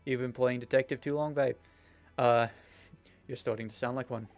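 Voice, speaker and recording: A man playing a brash video game woman who loves the gym, loud, cocky and teasing. Soft music sits under her voice. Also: mid-range voice, steady tone, normal speed, natural voice. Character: brash flirty woman who lifts weights.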